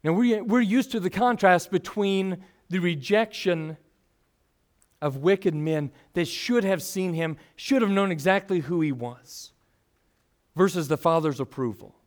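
High-voiced man preaching a sermon. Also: a little slow.

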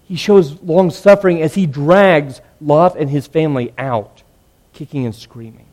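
A man preaching with an earnest, mellow voice that sits a little high for a man. He swings between loud emphatic lines and hushed, quiet ones. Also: measured pace. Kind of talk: sermon.

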